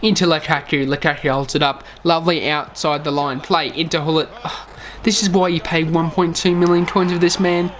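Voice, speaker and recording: Man, game voice-over, tired, slightly high voice, faint noise behind. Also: level tone, a little fast, a bit bright. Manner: calls each play, says "lads" often. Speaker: gaming YouTuber.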